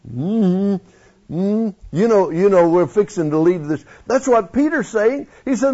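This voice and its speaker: Folksy high-voiced preacher man. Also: unhurried. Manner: folksy and animated, questioning the congregation. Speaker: pastor. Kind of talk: sermon. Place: church sanctuary. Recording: dull lo-fi sound.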